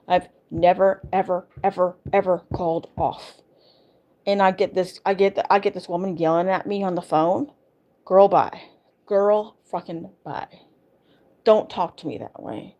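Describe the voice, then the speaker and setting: A woman's voice: on the low side, dark tone. A woman vlogger venting in a casual, emphatic way, repeating herself as she rants. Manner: emphatic, exasperated ranting with repetitions.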